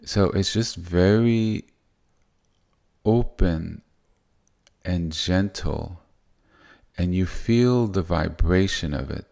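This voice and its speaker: A man giving a gentle spiritual teaching in a soft, unhurried way that wanders and restarts. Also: low voice, creaky.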